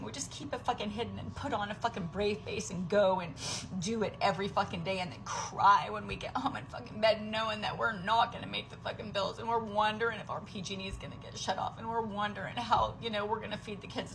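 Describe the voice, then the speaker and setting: A working mother from the United States, venting in an angry, profane, emotional vlog rant that sometimes drops into a breathy whisper. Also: medium pitch, steady tone, fairly quick, background noise.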